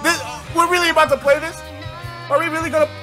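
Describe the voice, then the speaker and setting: A young man streaming a video game, excitedly yelling, laughing and talking to his chat over game music. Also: very high-pitched, fast. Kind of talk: excitable let's-play commentary.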